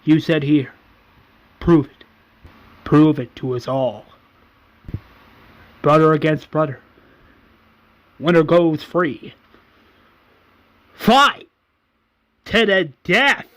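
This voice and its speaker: A man voicing a ruthless town leader who makes loud, firm declarations. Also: fairly high pitch, steady tone, slow pace, pauses often, low-quality recording. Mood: commanding.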